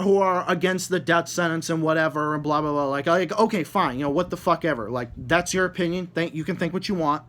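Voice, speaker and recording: A man delivers a heated rant straight to his audience, cursing constantly and tripping over repeated words. His voice sits a bit high for a man, and it turns biting and sarcastic when he jabs at people he disagrees with. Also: a little fast, hardly any pauses, a bit bright. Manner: mocking, sarcastic. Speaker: vlogger ranting to viewers. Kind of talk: angry profane rant.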